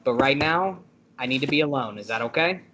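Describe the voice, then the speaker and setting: Man voicing a calm, menacing adventurer, low-key in-character threats. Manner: quiet, measured menace. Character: cold, threatening male adventurer interrogator.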